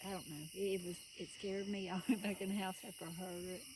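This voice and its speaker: A woman outdoors at night, halting and unsure, searching for words as she tells what she heard. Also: medium pitch, flat delivery. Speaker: witness. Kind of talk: casual chat. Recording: phone recording with clear background noise.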